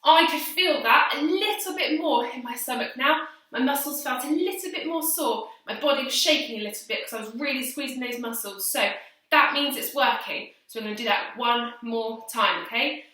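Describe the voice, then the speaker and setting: A young woman who teaches primary school PE leads children through exercises at home in a high, pushed, bright voice at a moderate pace. She gives encouraging step-by-step instructions and counts aloud, slightly out of breath from joining in, recorded far from the mic in a very echoey hall.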